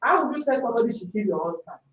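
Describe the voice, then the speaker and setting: A woman's voice: fairly high pitch, sing-song, racing, slight background noise. A woman with a Nigerian accent mediating a dispute, stern and lecturing as she scolds. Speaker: mediator host. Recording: echoey room heard from a distance.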